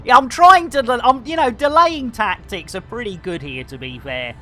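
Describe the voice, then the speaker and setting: A woman's voice: on the high side, animated, moderate pace. A woman streaming a game live, joking and calling out greetings to viewers. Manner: jokey, theatrical, shouts greetings.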